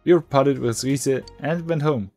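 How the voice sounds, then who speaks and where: A man records a let's play, musing aloud and reading the game's lines in an easygoing, halting manner. His voice sits at an ordinary middle pitch. Soft game music plays faintly underneath. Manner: muses aloud, reads game text in a relaxed, halting way. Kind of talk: casual game commentary, reading dialogue aloud.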